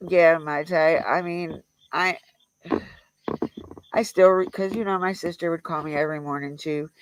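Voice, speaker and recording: A grieving livestreamer who talks in a halting, rambling way, with many fillers and restarts, recorded on a close mic. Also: medium pitch, fairly even intonation, slight background noise, poor audio. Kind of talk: emotional memorial livestream talk.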